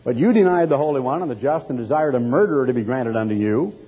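A man's voice: medium pitch, animated, fast talker, slightly rough, lo-fi sound. A man preaching a sermon, retelling a scripture story dramatically and acting out the quoted voices. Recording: long hall reverb.

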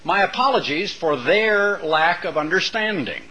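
A man delivering a rambling, opinionated monologue as a radio talk show host, with many pauses and fillers. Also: high voice, animated, bright, forceful tone, rough recording.

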